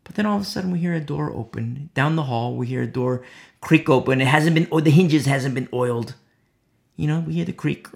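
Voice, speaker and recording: A preacher delivering an animated sermon, driving points home with emphatic repetition and acting out the people in the story. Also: mid-range voice, a little fast, vocal fry. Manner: acts out quoted voices.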